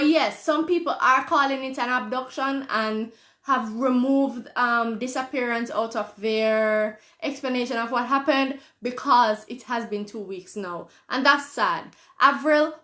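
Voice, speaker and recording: A woman's voice: on the high side, bright, forceful tone. Earnest Jamaican woman hosting a live show. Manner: earnest, conversational, repeats phrases for emphasis. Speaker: host. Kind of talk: live-stream talk show, reading viewer comments. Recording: roomy echo.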